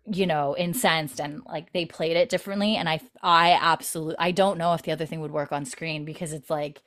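A woman's voice: deep voice, fairly even intonation, brisk, a bit bright. A woman in casual chat, retelling a TV episode in detail, peppering her speech with "like" and casual swearing. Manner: chatty, heavy use of "like", swears casually. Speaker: podcast co-host recapping a TV episode.

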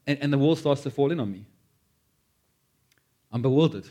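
A man preaching a sermon, animated, acting out quoted prayers and joking at his own expense. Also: mid-range voice, normal speed. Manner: animated, acts out quoted prayers, self-deprecating asides. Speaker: pastor.

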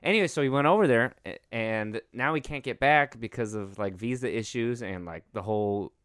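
A man's voice: mid-range voice, a little fast, a bit bright, clean tone, dry recording, clean studio sound. A man co-hosting a casual podcast, rambling and joking with plenty of fillers and restarts. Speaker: podcast co-host.

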